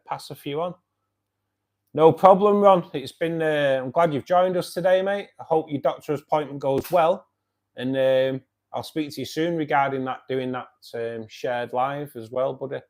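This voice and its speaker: A friendly, chatty man with a Mancunian accent hosts a fish club's live stream from his home near the fish tank. He reads out viewer comments, greets people by name, and talks casually in a mid-range, somewhat mellow voice at normal speed.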